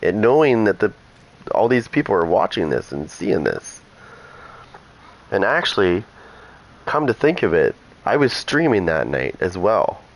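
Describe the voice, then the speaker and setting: A man with a low, deep voice talks casually as he plays. He rambles, restarts his sentences and wanders off into asides, like a streamer chatting with his viewers. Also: sing-song, measured pace, pauses often, rough recording. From Canada. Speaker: gaming streamer. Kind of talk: casual chat over gameplay.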